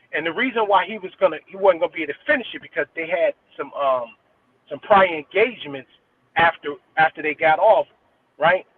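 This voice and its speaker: A man's voice: sits high, husky. A middle-aged man, a guest DJ, telling a personal story in an earnest, rambling way with frequent restarts. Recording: tinny phone line with faint noise.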